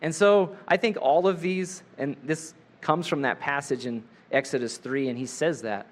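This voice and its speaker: A man leading a group through a guided breathing prayer, talking gently and slowing down to softly repeat a short prayer phrase. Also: fairly high pitch. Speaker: leader of a guided prayer session. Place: live in front of a group.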